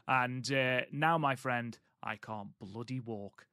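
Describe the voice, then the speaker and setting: A man's voice: medium pitch, slow, sharp tone, clear, resonant tone, dry recording, studio quality. A man co-hosting a podcast in casual chat, telling stories with lots of ums. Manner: chatty, storytelling, frequent ums. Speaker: podcast co-host.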